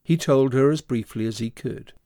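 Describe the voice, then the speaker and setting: A man narrating a classic story in measured, scripted storytelling. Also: medium pitch, mellow, no echo, studio quality.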